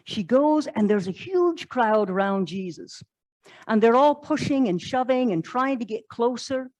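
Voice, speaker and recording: A woman's voice: a little high, expressive, unhurried, darkish tone, dry recording, poor audio. Conversational woman preaching. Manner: conversational, with rhetorical questions. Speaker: pastor. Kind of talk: sermon storytelling. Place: church.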